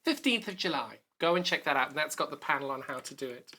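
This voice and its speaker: A man's voice: fairly high pitch, expressive, fast, sharp tone, slight background noise. A man with a South African accent presenting a live TV sewing sales show, with jokey, teasing banter. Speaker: shopping channel presenter. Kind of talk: live TV selling chat.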